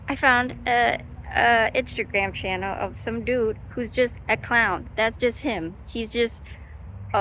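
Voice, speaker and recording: A young woman with a bright, clear voice talks straight to her camera in an unscripted vlog. She rambles from thought to thought, full of fillers and restarts. Her tone is easygoing and she swears now and then. Faint outdoor ambience sits behind her. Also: mid-range voice, slight background noise, rough recording. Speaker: vlogger.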